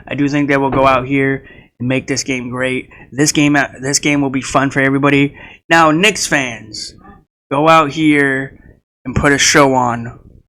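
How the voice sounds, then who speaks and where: Bright-voiced young man rambling about basketball. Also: mid-range voice, low-quality recording. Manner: rambling, with fillers and repeated phrases; speaks directly to players and fans. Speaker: sports video creator. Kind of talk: casual sports prediction talk.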